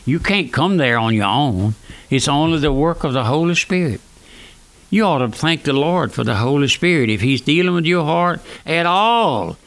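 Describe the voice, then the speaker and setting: A man, preaching a fervent radio sermon that swings between raised and hushed lines. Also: on the high side, animated, moderate pace. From South Louisiana. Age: 90s.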